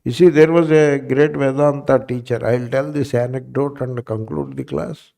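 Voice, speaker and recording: A man lectures on Vedanta in a dark, mellow voice at a medium pitch. He repeats his key points and often checks in with the listeners. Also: fairly even intonation, moderate pace, vocal fry. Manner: repetitive, asks the listeners questions. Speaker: Vedanta teacher. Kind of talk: spiritual class lecture.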